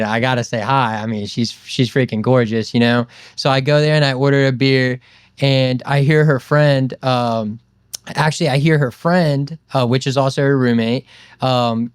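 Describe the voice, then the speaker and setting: Brief: young guy, 20s, smooth voice, chatty rambling storyteller, dry close mic. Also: mid-range voice, dry recording. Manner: rambling, loose, lots of fillers and "dude". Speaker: podcast guest. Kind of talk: casual storytelling chat.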